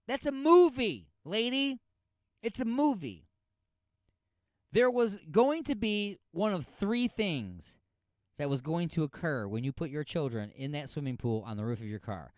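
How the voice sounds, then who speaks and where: A man's voice: on the high side, clear, resonant tone, dry recording. A man hosting a radio talk show, ranting sarcastically and scolding with exasperation about a news story.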